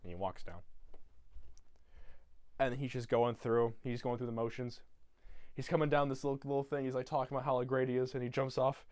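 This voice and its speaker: A man's voice: medium pitch, fairly even intonation, a little fast, long pauses, a little mellow, dry recording. A young man rambling profanely through a retelling of a film from memory, laughing as he goes. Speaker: YouTuber.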